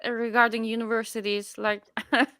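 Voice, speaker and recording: A woman's voice: on the high side, little pitch movement, a little fast, sharp tone, clean tone, no room sound, clean studio sound. A woman chatting casually on a livestream, hesitant and full of fillers. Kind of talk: casual chat.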